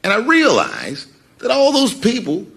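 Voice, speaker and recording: A man telling stand-up comedy stories, acting out the people in them and dropping to a hushed mumble for sheepish asides. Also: high voice, measured pace, vocal fry. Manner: animated, acts out the voices of people in his stories.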